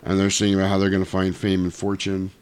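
A man's voice: low-pitched, quick pace, smooth. A man casually retelling a cartoon with crude, profane humor. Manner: profane, animated, lots of voices.

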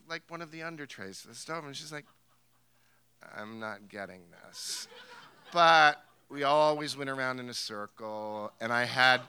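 This man from New Hampshire, USA, has a slightly high, pushed and bright voice with a clean tone. He tells a live theater crowd a family tale, laughing through it with wry amusement.

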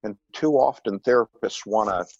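A man, a psychotherapist, explaining his practice in measured conversation and telling anecdotes with quoted dialogue. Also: lowish voice, a little mellow, dry recording, dull audio. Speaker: psychotherapist guest.

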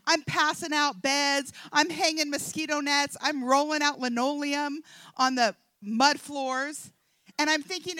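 Middle-aged woman speaker, high and bright, dry close sound, animated storyteller acting out every voice. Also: no room sound. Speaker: speaker at a Christian event. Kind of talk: humorous testimony talk to an audience.

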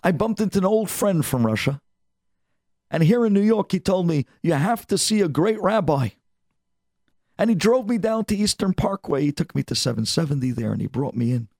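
A man voicing a frail, devout elderly immigrant, telling his story with deep emotion. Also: lively intonation, moderate pace, a little mellow, dry recording, studio quality. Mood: earnest.

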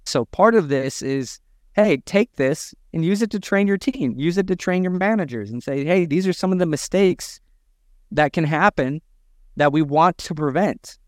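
Male podcast co-host, punchy, coaching tone, smooth voice on a dry mic. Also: a little high, moderate pace, darkish tone, no room sound. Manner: emphatic, preachy, acts out quotes. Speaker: podcast co-host, gym owner. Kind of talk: energetic business podcast talk.

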